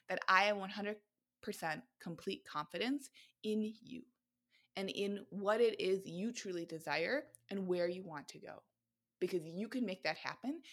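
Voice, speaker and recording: A woman hosting a nutrition podcast, talking in an energetic, emphatic motivational monologue and swearing freely. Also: fairly low pitch. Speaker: podcast host, nutrition coach.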